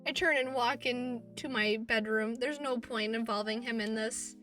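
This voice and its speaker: High, bright female streamer reading game dialogue aloud, expressive and foul-mouthed, a little off-mic over game music. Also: normal speed, distant mic. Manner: expressive, swears, laughs at herself. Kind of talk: game playthrough, reading and reacting.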